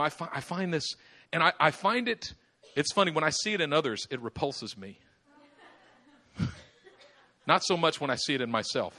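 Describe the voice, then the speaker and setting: A man preaching a sermon as pastor, acting out little dialogues with laughter and sudden shouts. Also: medium pitch. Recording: live church service.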